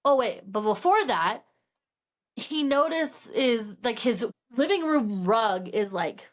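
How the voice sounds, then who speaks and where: A young woman with a high, bright-pitched voice chats through a thriller's plot for her podcast. She slips into the characters' voices as she goes and swears casually, the way friends talk. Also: slow. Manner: animated, acts out characters' lines, swears casually. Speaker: podcast co-host. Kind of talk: casual book recap chat.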